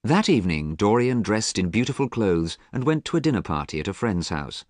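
Deep-voiced man reading a storybook. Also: big pitch swings, fairly quick, no room sound, clean studio sound. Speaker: audiobook narrator. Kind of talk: scripted storybook narration.

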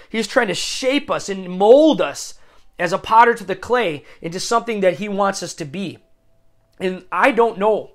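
A man's voice: high-pitched, fairly bright tone. A man giving an earnest devotional sermon, reading scripture and speaking openly about his own struggles. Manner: earnest and confessional, quotes verses at length. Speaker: Christian speaker.

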